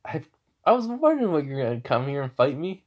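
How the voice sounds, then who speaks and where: A man's voice: fairly high pitch, big pitch swings, a little fast, muffled recording. Cocky young fighter, voiced by a man. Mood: confident.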